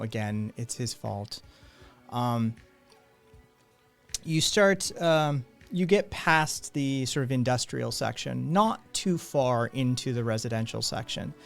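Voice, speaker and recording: A man narrating a tabletop game as game master, in loose, filler-heavy narration with many restarts. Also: medium pitch.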